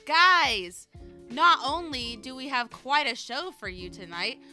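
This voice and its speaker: Young woman, podcast host, casual chat, bright forward voice, faint music. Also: high voice, lively intonation. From United States. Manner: bubbly, laughing, quick asides.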